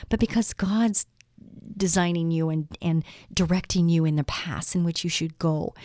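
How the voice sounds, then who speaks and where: Earnest, mellow-voiced woman hosting faith talk. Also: fairly low pitch, no room sound, clean studio sound. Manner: earnest, addresses listeners with direct questions. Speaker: host of a faith show. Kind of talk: devotional talk with scripture reading.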